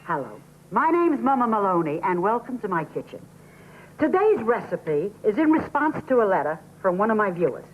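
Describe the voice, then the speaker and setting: A woman's voice: medium pitch, big pitch swings, normal speed, a little hiss or hum, close to an everyday voice. An actress playing an older grandmother who hosts a cooking show, chatty and motherly, tinny old broadcast sound. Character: warm old Italian-American grandmother cooking-show host.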